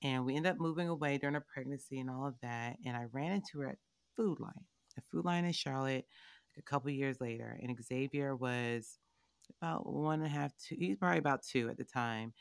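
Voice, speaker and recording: A woman in her thirties, a board member, telling her family's story in an emphatic, animated way with pointed asides to the listener. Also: very deep voice, a little fast, gravelly, clear, resonant tone, dry recording. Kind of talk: personal storytelling in a conversation.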